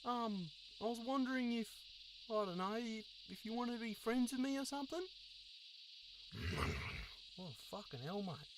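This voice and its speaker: A man's voice: normal speed, pauses often, background noise. Man voicing sweary Aussie sasquatch, Sassy. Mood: eager. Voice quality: sweary, excitable, squeaky. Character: crude friendly Aussie male sasquatch. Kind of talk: cartoon voice acting.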